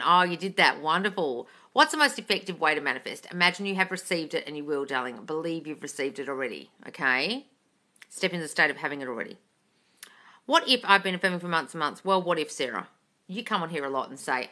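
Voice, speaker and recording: Woman coach, slight British lilt, blunt and profane, low voice, bright edge. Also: animated, a little fast. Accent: slight British intonation. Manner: blunt and sweary, reads chat questions aloud. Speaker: manifesting coach answering live chat questions. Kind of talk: casual live Q&A.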